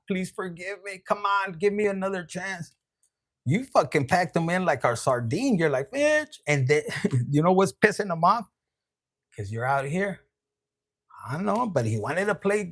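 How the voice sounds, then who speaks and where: A man's voice: high voice, big pitch swings, normal speed, a bit bright. A man giving a casual tarot reading in a loose, profane way, laughing and dropping Spanish slang. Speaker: tarot reader.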